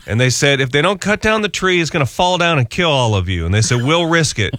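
Radio host, male, lively storyteller, dry close sound. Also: brisk, no echo. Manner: animated storyteller, acts out squeaky voices. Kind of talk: casual radio chat.

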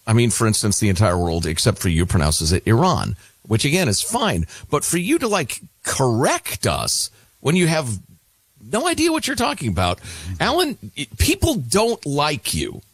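A middle-aged man hosting a radio talk show, reading listener emails aloud with quick, wry asides. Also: mid-range voice, huge pitch swings, breathy edge, no room sound.

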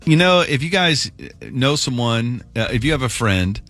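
Male morning radio host in the studio, fired-up and chatty, mid-pitched voice. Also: normal speed, soft background music. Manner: energetic, hype-building introductions.

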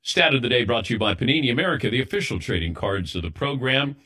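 A middle-aged man hosting a sports radio show in relaxed, conversational banter. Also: medium pitch, fast.

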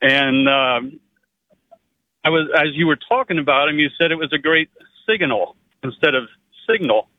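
A man's voice: a little high, fairly even intonation, normal speed, long pauses, dry recording. A man from Pennsylvania calling in to a radio show, friendly and a little hesitant as he teases the host. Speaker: caller. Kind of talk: phone-in call. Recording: tinny phone line.

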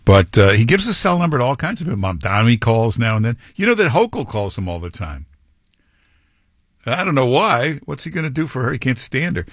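A man's voice: medium pitch, sing-song, brisk, fairly bright tone, no room sound, studio quality. A man hosting a talk show, delivering rambling, opinionated political commentary. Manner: rambling, opinionated, with quoted impressions. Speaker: talk radio host.

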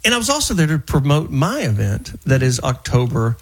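A husky host chats loosely with his guest, mid-pitched and easygoing. He trails off and restarts sentences while promoting events. The delivery is unpolished and conversational. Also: huge pitch swings, brisk. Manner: rambling, restarts, promotional plugs. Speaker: show host. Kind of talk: casual interview.

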